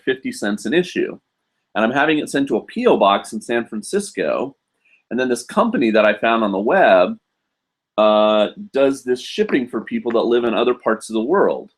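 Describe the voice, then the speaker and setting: A man hosting a live question-and-answer stream, talking casually with lots of ums and restarts while he reads comments. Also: medium pitch. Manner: rambling, filler-heavy, chatty. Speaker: host.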